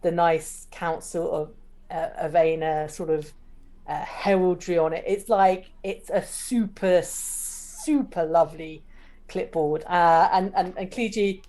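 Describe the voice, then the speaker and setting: Stammering woman with a mellow voice. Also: on the low side, slow. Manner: stammering, repeats words. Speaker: player. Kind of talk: casual tabletop role-play.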